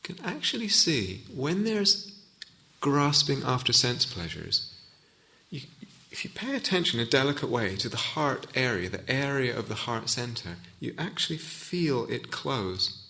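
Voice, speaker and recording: A man's voice: medium pitch, very animated, a little slow, creaky, pushed and bright. A man giving a reflective Dharma talk as a meditation teacher in a hall, often restarting and searching for words.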